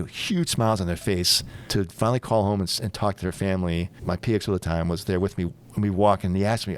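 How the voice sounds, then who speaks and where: Deep-voiced older man recounting command. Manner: candid, storytelling with quoted dialogue. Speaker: former aircraft carrier captain, guest. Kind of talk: storytelling interview.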